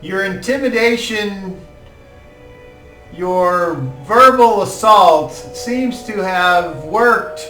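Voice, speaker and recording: A man narrating as game master of a tabletop game, telling the scene slowly with fillers. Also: high voice. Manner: lively, slow storytelling with fillers. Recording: roomy, distant mic, faint music.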